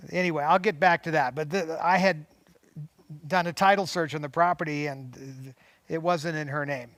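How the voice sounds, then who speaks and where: A man's voice: fairly high pitch, fairly even intonation, unhurried, pauses often, fairly bright tone, no echo. Chatty man reading aloud, dry close sound. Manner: chatty asides, frequent restarts and laughs. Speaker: host. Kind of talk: reading a memoir aloud with commentary. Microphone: lapel mic.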